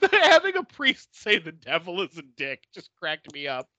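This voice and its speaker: A man co-hosting a podcast, recapping a film in casual chat, animated and laughing often as he tells the story. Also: high voice, measured pace, no room sound, lo-fi sound. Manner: animated storytelling, doing silly voices for characters, laughing often.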